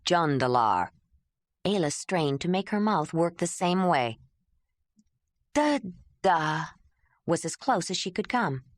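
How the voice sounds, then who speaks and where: A woman narrating an audiobook in a measured, even tone. Her voice sits on the low side and sounds dry and close to the mic. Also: no echo. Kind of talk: scripted narration.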